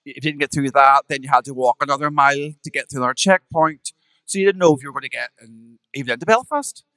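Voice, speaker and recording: A man with a Northern Irish accent, a drag performer recalling his past with sharp, camp one-liners on a live podcast. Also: mid-range voice, fast talker, no echo. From Northern Ireland.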